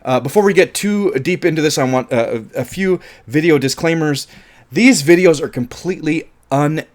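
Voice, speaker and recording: A man's voice: on the high side, moderate pace. Chatty American man reviewing movies. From California, USA. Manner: chatty, rambling, self-deprecating. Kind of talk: casual unedited video review.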